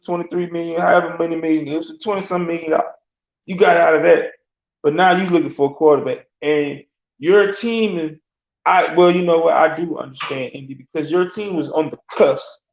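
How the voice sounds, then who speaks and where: A man rambles through a casual sports rant, full of slang and quick laughs. His voice is gravelly and sits slightly high. The recording is roomy and echoey, with a muffled, lo-fi tone. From Alabama. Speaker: sports talk host. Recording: echoey room, dull lo-fi sound.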